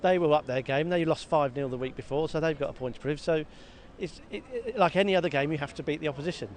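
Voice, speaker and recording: A man co-hosting a football podcast, talking in a lively, self-mocking way and often repeating words. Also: fairly high pitch, fast. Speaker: podcast co-host. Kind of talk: casual football chat. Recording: faint background noise.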